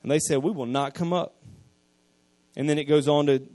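A man, preaching a sermon, retelling scripture in casual everyday speech and swinging from quiet asides to loud emphasis. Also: fairly high pitch, steady tone, moderate pace, no echo. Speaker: pastor.

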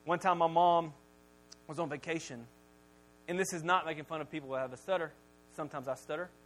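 A male pastor preaching a sermon, telling Bible stories and family anecdotes in an animated, joking way. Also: a little high, brisk, rough recording. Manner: animated storytelling, jokey.

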